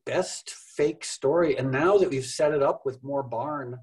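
A man's voice: medium pitch, unhurried, a little mellow, husky, low-quality recording. A middle-aged man, a musician guest on a podcast, talking in a wry, thoughtful, rambling way with self-deprecating humor. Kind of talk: casual interview conversation.

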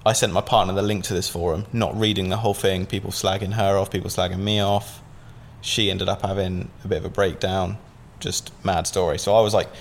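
A man's voice: sits low, little pitch movement, fairly quick, gravelly, few pauses. A man from Southampton, telling a long story as a podcast guest in a casual, rambling way, full of fillers and swearing. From Southampton, England.

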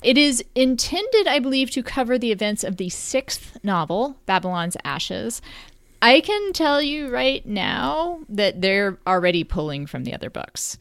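A middle-aged woman co-hosting a casual podcast, with wry, deadpan humor and playful rhetorical questions. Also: a little high, measured pace, no room sound. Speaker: podcast co-host.

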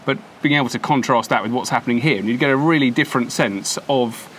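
A man's voice: mid-range voice, fast talker, a bit bright. A man co-hosting a podcast, chatting casually and musing with frequent ums, recorded outside in a windy courtyard. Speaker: podcast co-host. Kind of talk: casual chat.

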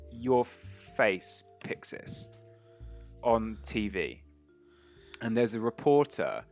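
A man's voice: on the low side, a bit bright. A man running a tabletop role-playing game as game master, chatty and laughing often.

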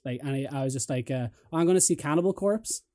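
A man hosting a podcast in casual chat, telling stories in a lively way and mimicking other people's voices. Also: mid-range voice, fast. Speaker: podcast host.

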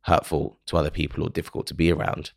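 This podcast host has a creaky bass voice, a flat delivery, and a fast pace, captured in clean studio sound with no room noise. Speaking solo, he reflects earnestly and emotionally, questioning himself as he goes.

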